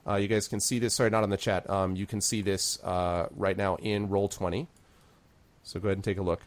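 A man's voice: low-pitched, level tone, brisk. A man running a tabletop game on a stream, rambling and laughing at himself while narrating. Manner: rambling, self-deprecating, laughs often. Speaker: game master. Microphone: video call.

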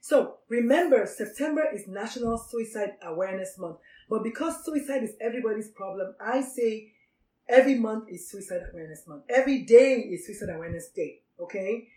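A woman's voice: fairly high pitch, lively intonation, a little fast, mellow, echoey room, recorded from a distance, rough recording. A woman gives an emphatic, preachy talk to doctors and repeats her key phrases. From Nigeria. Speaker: physician speaker on doctor suicide. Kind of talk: motivational talk.

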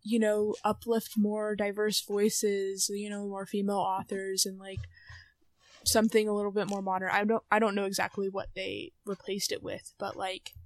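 A young adult woman co-hosting a podcast, chatting casually with lots of fillers and drawn-out phrases. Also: medium pitch, completely flat delivery, dry recording. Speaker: podcast co-host.

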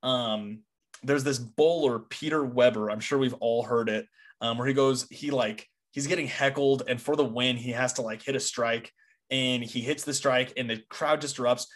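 A young man co-hosting a casual sports podcast, excitable and chatty, throwing in "dude" and "like" often. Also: mid-range voice, normal speed. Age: young adult. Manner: excitable, says "dude" a lot. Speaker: podcast co-host.

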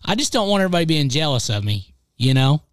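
A man's voice: fairly high pitch, very animated, quick pace. An easygoing man with a drawl trades hunting jokes and laughs along with his co-hosts. The sound is close and dry, with no echo around him. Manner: easygoing, joking, laughs often, rural phrasing. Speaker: co-host of an outdoors hunting show. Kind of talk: casual chat.

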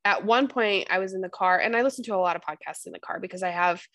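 A woman's voice: mid-range voice, quick pace, a bit bright, no room sound. A young woman hosting a podcast, chatting casually and telling stories with frequent restarts. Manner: chatty, storytelling, many restarts. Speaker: podcast host.

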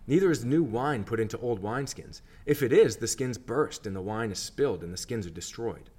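A man reading scripture aloud, speaking the words of a calm, authoritative male teacher in a measured, even way. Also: medium pitch, husky.

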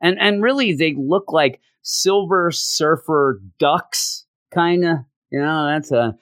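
A man's voice: a little high, takes it slowly, fairly bright tone, no room sound, clean studio sound. A man hosting a podcast, reviewing comic books in a casual, sarcastic way and acting out scenes in mock voices. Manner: sarcastic and exasperated. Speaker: podcast host.

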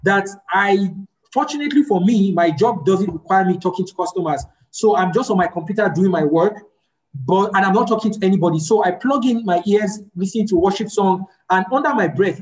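A woman's voice: medium pitch, brisk, a little mellow, rough recording. A woman leads a group session, teaching and answering questions in a practical way and repeating words for emphasis.

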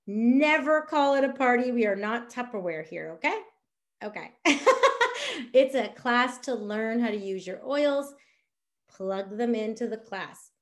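A woman teaching a sales class, chatty and animated, acting out little dialogues as she explains. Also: medium pitch, unhurried. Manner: animated, acts out dialogue with big voices. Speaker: essential oil sales trainer.

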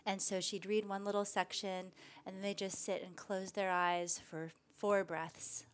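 A woman speaking as a meditation teacher in an interview, gentle and thoughtful, growing animated when she tells stories. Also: mid-range voice, a little slow. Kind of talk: conversational interview.

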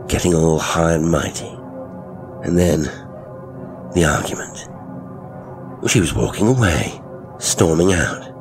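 A man narrating a horror story in the first person, with a brooding, measured delivery. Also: extremely low pitch.

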